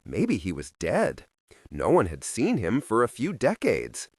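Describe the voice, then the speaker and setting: A man narrating an audiobook in a slow, expressive storytelling voice, recorded on a close studio mic. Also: lowish voice, breathy edge, no echo.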